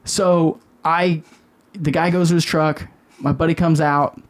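Middle-aged male podcast host, slightly high voice, swears freely and tells stories with animated emphasis. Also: a little slow. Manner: profane, animated, emphatic storyteller. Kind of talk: casual storytelling chat.

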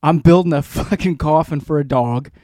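A man in his forties telling a long rambling story in casual chat, animated and profane, as a podcast co-host. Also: fairly high pitch, normal speed, no room sound, clean studio sound.

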